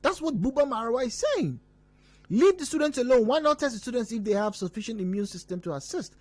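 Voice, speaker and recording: Nigerian male radio host, measured and explanatory, lively intonation, dry booth with soft music under. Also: extremely high pitch, no room sound. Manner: measured, explanatory, reads listener messages aloud. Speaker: radio talk show host. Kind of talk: call-in radio talk show. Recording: dry studio mic with faint music bed.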